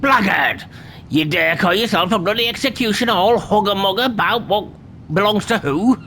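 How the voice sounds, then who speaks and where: A man voicing a gruff, stern ship's captain who scolds his crew with old-fashioned insults. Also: high voice, normal speed, pushed and bright, a little hiss or hum. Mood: angry.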